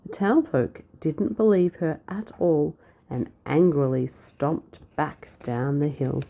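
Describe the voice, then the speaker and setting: A woman reading a children's storybook aloud, with a lively, expressive delivery. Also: low-pitched, slow, creaky, lo-fi sound. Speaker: storybook narrator.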